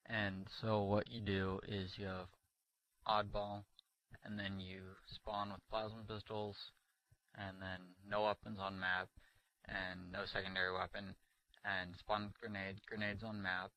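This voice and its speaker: A man's voice: lowish voice, level tone, measured pace, sharp tone, dry recording, rough recording. A man leaving a voicemail to describe a custom game, hesitant and full of fillers. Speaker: caller.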